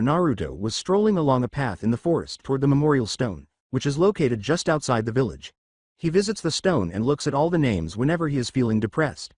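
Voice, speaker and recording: A man narrating a fan fiction story in a steady reading voice. His pitch rises and falls freely, and the recording is dry and close. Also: no echo.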